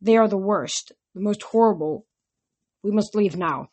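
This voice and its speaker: A woman's voice: mid-range voice, unhurried, a little mellow, close to an everyday voice. A woman voicing a proud teenage huntress girl who speaks in a formal, old-fashioned way. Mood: haughty. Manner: archaic, formal, cold.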